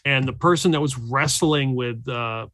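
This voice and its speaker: A man's voice: medium pitch, a little slow, sharp tone, no room sound, clean studio sound. A man narrating a tabletop horror game as game master, with a loose, rambling delivery full of fillers.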